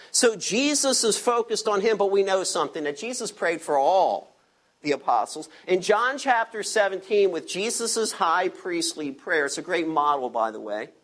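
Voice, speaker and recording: Male preacher, expository sermon, emphatic, unhurried delivery, lively pitch. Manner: emphatic, drops low on key words. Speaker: pastor.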